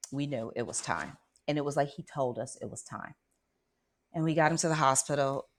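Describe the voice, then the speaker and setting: A low-voiced woman presents a spiritual radio broadcast, sharing a personal tale with vivid, dramatic energy. Along the way she regularly checks in with those listening.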